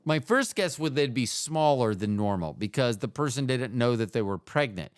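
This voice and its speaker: A man's voice: mid-range voice, expressive, moderate pace, no room sound, studio quality. A man hosting a podcast alone, talking casually in a rambling, digressive way and swearing freely. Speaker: podcast host. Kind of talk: casual solo monologue.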